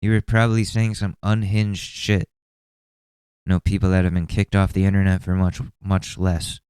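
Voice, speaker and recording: A man's voice: sits low, flat delivery, normal speed, a little mellow, clean tone, no echo, clean studio sound. A man hosting a podcast in a casual, rambling way, swearing often and mocking what he sees. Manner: profane, rambling, sarcastic. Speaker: podcast host.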